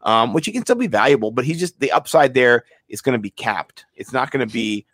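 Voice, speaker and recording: A man co-hosting a casual fantasy football podcast, rambling and excitable, repeating words and plugging sponsors. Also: mid-range voice, a little fast, no echo, studio quality. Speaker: podcast co-host. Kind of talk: casual sports podcast chat.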